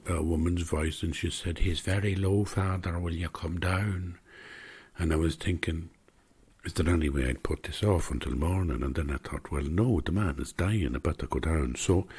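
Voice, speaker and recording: An older Irish man telling a personal story in an unhurried, conversational way, dropping to a whisper for quoted voices. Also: a bass voice, a little mellow, husky.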